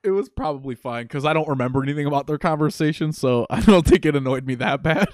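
A man in casual chat, animated and exasperated, acting out what characters say. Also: a little high, fast talker, no room sound, clean studio sound. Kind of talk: casual chat about a video game.

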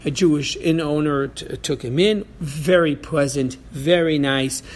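A man giving a religious lesson, telling a story in a halting way with many repeated words. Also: on the high side, a little hiss or hum. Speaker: Torah teacher.

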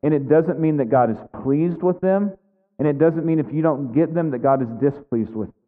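A man's voice: on the high side, brisk. A man preaching a sermon as pastor, speaking earnestly and building to fervent emphasis. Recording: phone-like sound with long hall reverb.

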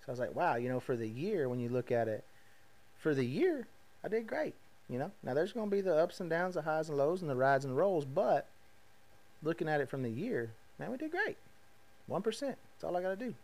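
Podcast host, male, 30s, casual and animated, plays the voices in his own stories. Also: fairly high pitch, a little fast. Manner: animated, acts out quoted voices, laughs at himself. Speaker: podcast host, rodeo roper. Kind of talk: casual storytelling monologue.

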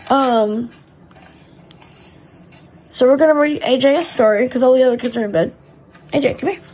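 A woman's voice: high-pitched, a little mellow, low-quality recording. A middle-aged woman, chatting in a gushing way as a mother vlogging from her family home. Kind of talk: casual home vlog.

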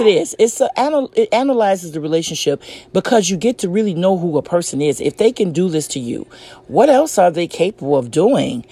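Husky woman ranting about relationships, blunt, curses, laughs a lot, talks right to her audience. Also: lowish voice, no room sound. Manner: addresses listeners as ladies and gentlemen. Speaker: relationship advice host. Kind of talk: casual advice monologue.

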